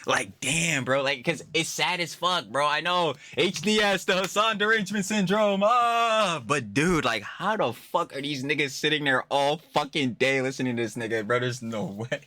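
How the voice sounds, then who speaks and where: A young man hosting a reaction stream, cursing heavily in slang-filled, excitable commentary and breaking into laughter. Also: fairly high pitch, normal speed, few pauses, dry recording. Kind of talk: profane comedic reaction commentary.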